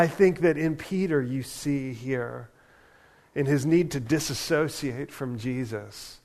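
A man preaching to a church in a relaxed, conversational style. His voice sits in an ordinary middle pitch, and he talks animatedly with the crowd, dropping in casual asides. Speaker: pastor. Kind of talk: sermon.

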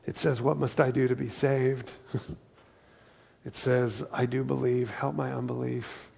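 A man preaching a sermon in a relaxed, conversational way, often voicing the people in his story. His voice is gravelly and a little husky, at a middle pitch. The recording sounds dull and lo-fi. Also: takes it slowly. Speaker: pastor.

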